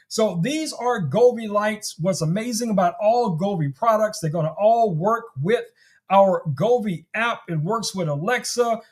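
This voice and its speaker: A man hosts a relaxed tech livestream and pitches gadgets to his viewers in a chatty, salesy way. His voice sits high for a man, and he talks straight to the people watching. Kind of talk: casual product demo livestream.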